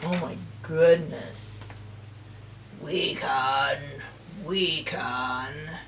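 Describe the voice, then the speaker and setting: A woman telling a rhyming story at circle time for preschoolers, slow and expressive, dropping to whispers and rising to calls. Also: fairly low pitch, far from the mic, slight background noise. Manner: slow, sing-song and expressive, with big swings between whispers and calls. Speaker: preschool teacher.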